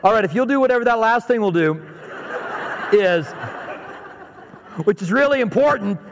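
A man's voice: high voice, animated, normal speed, gravelly, a little hiss or hum. A middle-aged male pastor preaching in a conversational, story-telling way and asking his audience questions. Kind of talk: sermon. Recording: echoey hall with long reverb.

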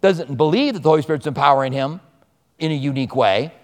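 A man's voice: fairly high pitch, quick pace. A man preaching a sermon to a church congregation in a conversational way, mixing scripture with personal stories. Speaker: pastor. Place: church service before a congregation. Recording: long hall reverb.

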